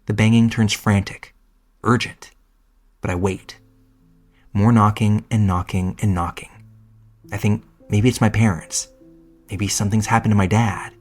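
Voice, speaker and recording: A man's voice: lowish voice, steady tone, a little slow, pauses often, soft background music. A man reading a first-person horror story aloud in a casual, profane storytelling manner. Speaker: narrator. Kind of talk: scripted horror story narration.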